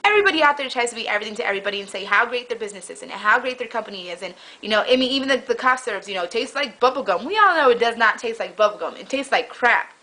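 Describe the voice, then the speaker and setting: Bright-voiced young woman rambling on camera. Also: on the high side, racing, hardly any pauses, low-quality recording. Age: young adult. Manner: rambling, animated storytelling. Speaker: vlogger. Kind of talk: casual chat.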